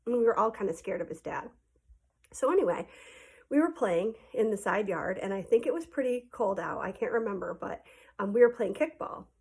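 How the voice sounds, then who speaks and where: A woman's voice: mid-range voice, gravelly, darkish tone. A woman, a teacher, telling her class a childhood story in a casual, chatty way, with many ums and likes, recorded at home.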